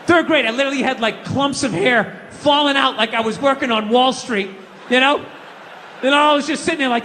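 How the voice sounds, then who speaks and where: A middle-aged man rants through a stand-up set, his high voice climbing into shouts. His tone is bright and forceful, and a long hall reverb trails behind the handheld stage mic, with faint ambience under it. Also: brisk, slight background noise. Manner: loud ranting delivery with frequent shouting. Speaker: stand-up comedian. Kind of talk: stand-up comedy rant. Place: theater stage before a live audience.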